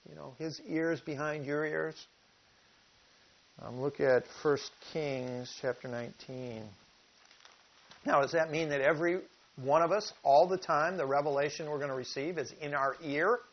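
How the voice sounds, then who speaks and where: A man preaching a sermon who teaches from scripture, asks the listeners questions and reads verses slowly with emphasis. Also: a little high, fairly even intonation. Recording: dull lo-fi recording.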